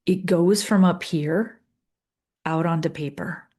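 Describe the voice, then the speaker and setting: A middle-aged woman leading a guided coaching session, calm and earnest, repeating phrases with pauses. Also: lowish voice. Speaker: leadership coach.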